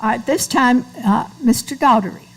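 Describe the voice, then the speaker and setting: A woman's voice: on the high side, moderate pace, slight background noise, poor audio. A woman chairing a school board meeting, matter-of-fact and procedural as she calls on speakers.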